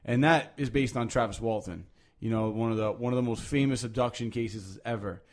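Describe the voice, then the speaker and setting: A man hosting a podcast, talking casually and at length, with many restarts, lively emphasis and frequent swearing. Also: mid-range voice, brisk. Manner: rambling, animated, swears freely, many restarts. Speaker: podcast host.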